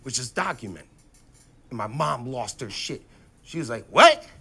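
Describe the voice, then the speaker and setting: A man doing stand-up comedy on stage, telling animated stories from his life into a handheld mic. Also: mid-range voice, creaky, husky. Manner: animated, quick to act out quotes. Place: comedy stage before a live audience.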